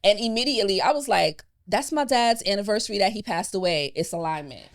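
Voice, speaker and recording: A young adult woman hosting a podcast in a studio, chatting in an animated, emotional way. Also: mid-range voice, quick pace, slight background noise. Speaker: podcast host. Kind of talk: casual heartfelt chat.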